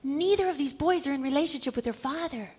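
Woman preacher, high voice, animated storyteller who laughs often as she teaches. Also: quick pace. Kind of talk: sermon.

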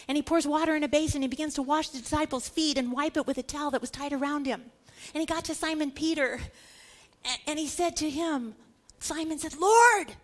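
A Bible teacher, a woman with a slightly high voice, teaches scripture in an animated way. She speaks emphatically, repeats words for stress, and acts out the lines she quotes.

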